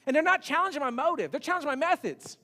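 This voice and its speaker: A male pastor delivering a sermon with a notably high voice, speaking in a loose, conversational way that doubles back on words and slips into acted-out quotes. His voice rings with a long reverb from a large church hall. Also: expressive, quick pace, bright, forceful tone. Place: church sanctuary.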